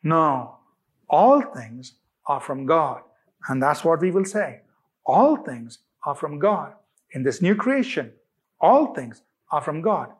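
A man preaching a sermon, emphatic and repetitive, drawing out key phrases slowly for stress. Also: on the high side, sing-song, slightly rough. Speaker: pastor.

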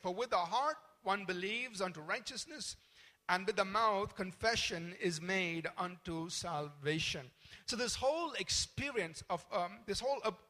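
Bright-voiced pastor preaching a sermon. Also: male voice, high-pitched. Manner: teaching calmly, then leading a loud congregational declaration.

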